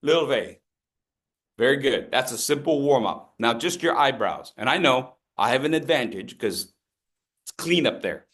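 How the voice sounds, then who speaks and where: A speaking coach with a medium-pitched male voice and a moderate pace runs an interactive workshop. Upbeat and animated, he calls out instructions and audience members' names while joking with the group.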